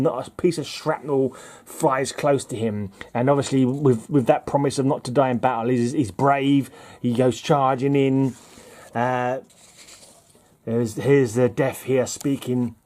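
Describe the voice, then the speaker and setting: A man's voice: medium pitch, steady tone, measured pace, dark tone. A man chatting casually about old comics, wry and self-mocking. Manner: chatty, wry, laughs at himself. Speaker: comic book vlogger. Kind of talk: casual chat reading comics.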